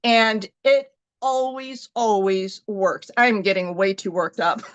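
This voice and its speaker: A middle-aged woman giving an animated motivational team talk, acting out her own thoughts as she tells stories. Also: medium pitch, takes it slowly, clean tone, highs cut off. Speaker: team leader in direct sales.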